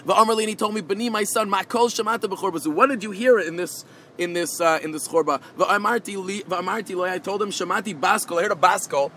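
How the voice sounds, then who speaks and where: Guy a high voice teaching gemara, halting, lots of "a, a, a", little background hiss. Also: sharp tone. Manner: halting, with many repeated filler words. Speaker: Torah teacher. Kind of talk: Talmud lesson, translating Hebrew and Aramaic phrase by phrase.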